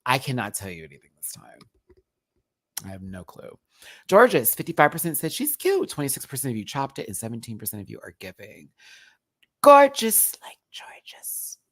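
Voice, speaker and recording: A man hosting a live review stream in a campy, expressive, chatty manner, laughing often. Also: medium pitch, fairly quick, no echo, studio quality. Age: adult, remembers childhood. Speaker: host reviewing a TV competition. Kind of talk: live-stream commentary chat.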